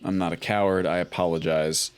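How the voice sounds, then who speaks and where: A man commenting casually on a video game playthrough, relaxed and thinking aloud with frequent ums. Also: low voice, a little fast, clean tone. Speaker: gaming YouTuber. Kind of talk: let's play commentary.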